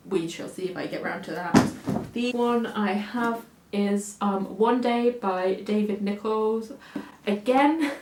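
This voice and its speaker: A woman in her twenties with a southern English accent talks casually to camera about her bookshelf. Her voice sits at an ordinary middle pitch, and she rambles in a chatty, self-deprecating way with plenty of fillers. The recording picks up a noticeably echoey room at home. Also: a little hiss or hum. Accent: English, Oxfordshire-Cambridgeshire area. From England. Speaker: book vlogger.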